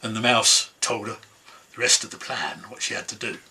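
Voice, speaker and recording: Brief: male storyteller, bright, husky, relaxed folk-tale telling. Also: lowish voice, normal speed. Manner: easygoing, conversational telling. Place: home, online concert.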